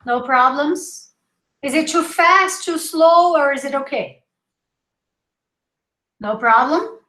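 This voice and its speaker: Woman teacher drawing out words super slow, high voice, roomy echo. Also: pushed and bright. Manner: slow, drawn-out modeling of words with repetition. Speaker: English pronunciation teacher. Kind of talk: live online class.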